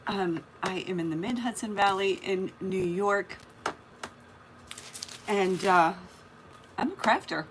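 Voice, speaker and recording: A woman's voice: mid-range voice, takes it slowly, long pauses, background noise. A woman hosting a casual live craft stream, chatting and greeting viewers by name as she works. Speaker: craft livestream host.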